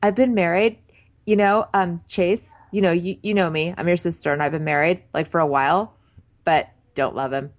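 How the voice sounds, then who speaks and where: A woman's voice: lowish voice, fairly even intonation, normal speed, natural voice. A woman voicing a gloomy, self-pitying married sister.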